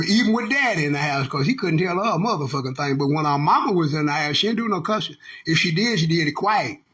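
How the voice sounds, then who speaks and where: Older man with a drawl, high husky voice, profane preachy rant. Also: sharp tone. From Texas. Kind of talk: casual monologue rant.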